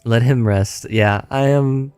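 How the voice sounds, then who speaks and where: A man's voice: medium pitch, slow pace, a little mellow, clean tone, dry recording, soft background music. Tired guy rambling on his game stream, lots of repeats and laughs, voice getting worn. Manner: rambling, stammering, laughing often. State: tired, voice going. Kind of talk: casual gaming livestream chat.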